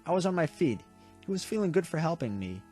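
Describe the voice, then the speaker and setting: A man reading a visual novel aloud with dramatic delivery and quick reactions. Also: fairly high pitch, sing-song, dark tone, faint music behind. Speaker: game streamer.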